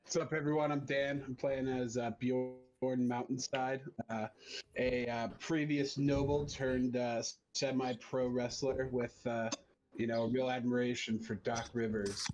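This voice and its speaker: A man's voice: medium pitch, flat delivery, measured pace, a little mellow, dull audio. A man chatting casually as a tabletop game player, hesitant and full of fillers. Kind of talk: casual chat.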